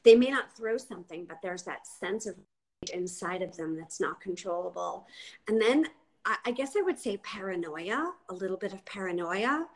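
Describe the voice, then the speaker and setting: Woman, podcast host, thoughtful, searching, pauses and fillers. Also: medium pitch, animated, poor audio. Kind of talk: interview hosting.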